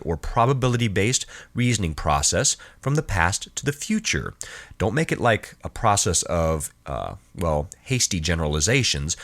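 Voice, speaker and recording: Deep-voiced man giving a lively philosophy lecture. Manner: explanatory, rhetorical questions, stresses key words. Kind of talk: recorded lecture with slides.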